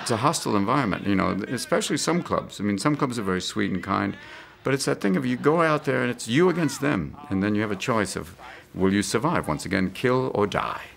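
A man's voice: on the low side, lively intonation, gravelly, fairly bright tone. A man in his fifties being interviewed, talking playfully and slipping in and out of comic voices. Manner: playful, quick to slip into voices. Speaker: comedian and actor, interview guest.

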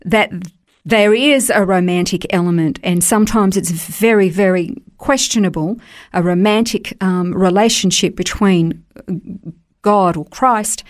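Woman, radio Bible teacher, mid-pitched, emphatic and explanatory, steady flow. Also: measured pace.

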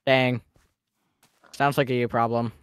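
A man's voice: mid-range voice, little pitch movement, a little slow, smooth, no echo. A man chatting playfully and teasingly while playing a game with friends, laughing often. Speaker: gaming friend. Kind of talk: casual gaming chat.

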